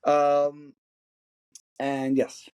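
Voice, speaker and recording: A man's voice: fairly high pitch, completely flat delivery, drawn-out words, a little mellow, smooth. A man appearing as a podcast guest, talking casually in a joking, playful way. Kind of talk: casual chat.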